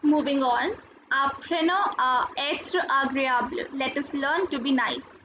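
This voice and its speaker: A woman teaching a recorded school lesson, explaining each word slowly and carefully and repeating it. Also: high voice, pushed and bright. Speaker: French teacher. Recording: dull lo-fi sound, faint noise.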